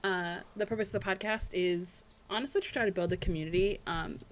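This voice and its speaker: A woman's voice: medium pitch, a little fast, slight background noise. Chatty woman podcast co-host. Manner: chatty, rambling with many fillers. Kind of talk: casual chat.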